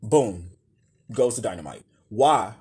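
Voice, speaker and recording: A man giving a profane comedic rant as a reaction commentator, loud and exasperated. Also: on the low side, expressive, slow, breathy edge. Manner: loud, exasperated, heavy cursing.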